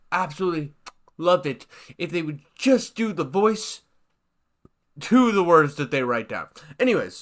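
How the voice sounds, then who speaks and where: A man's voice: on the high side, bright, forceful tone. A young man casually reviewing a game, rambling and swearing, acting out characters' lines in goofy voices. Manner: rambling, profane, jokey, acts out dialogue in goofy voices. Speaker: gaming YouTuber.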